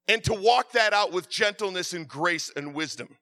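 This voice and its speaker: High, bright male preacher, impassioned sermon delivery, stammers, swings from hushed to shouting. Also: moderate pace, no room sound.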